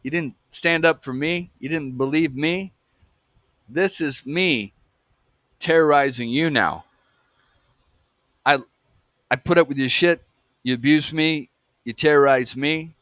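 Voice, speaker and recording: A man's voice: mid-range voice, a bit bright, no room sound, natural voice. A man voicing a bitter, threatening young man out for revenge. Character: vengeful resentful young man lashing out.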